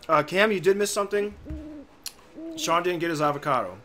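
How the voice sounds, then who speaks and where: A man's voice: a little high, animated, a little fast, pushed and bright. Laid-back man chatting on a livestream. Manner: reads chat names aloud, laid-back and chatty. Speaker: livestream host. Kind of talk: casual livestream chat.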